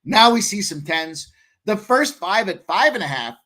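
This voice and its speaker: Male co-host, higher voice, brash, cursing, hyped betting talk. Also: very animated, normal speed, pushed and bright. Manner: brash, profane, hyped and boastful. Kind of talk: casual sports betting chat.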